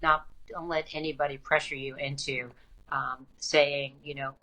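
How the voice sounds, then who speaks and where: Interview guest: middle-aged woman, low-pitched, animated, emphatic storyteller. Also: normal speed. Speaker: guest author. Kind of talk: conversational interview.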